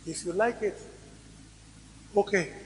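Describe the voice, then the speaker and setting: A man preaching a sermon as pastor, swinging between loud emphatic rises and quiet drops. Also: high voice, slow pace, a little hiss or hum. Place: church hall. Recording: reverberant church hall recording.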